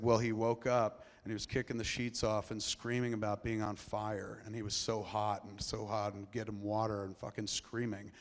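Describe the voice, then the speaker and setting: Profane man storytelling in a big hall. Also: lowish voice. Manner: profane, rambling, swings between hushed and loud. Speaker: filmmaker telling a story on stage. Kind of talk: live stage storytelling. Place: large theater before a live audience. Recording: long reverb of a large hall.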